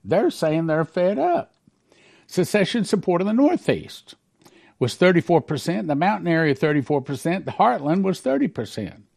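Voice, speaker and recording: A man's voice: high-pitched, sing-song, moderate pace, gravelly, darkish tone. A man hosting a talk show, reading prophecies aloud and commenting on them in an emphatic, preachy way. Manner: emphatic, preachy, stresses key numbers.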